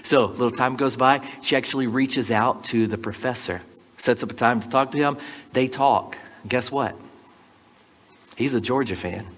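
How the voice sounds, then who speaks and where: A pastor telling stories from the pulpit in a relaxed, folksy way, with asides to the congregation. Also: male voice, medium pitch, moderate pace. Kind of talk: conversational storytelling sermon. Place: church sanctuary. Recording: long reverb of a large church hall.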